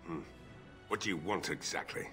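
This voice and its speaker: An actor playing a grieving, drunk old blacksmith in a video game, weary and despairing. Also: male voice, sits low, normal speed, sharp tone, faint music behind. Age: older.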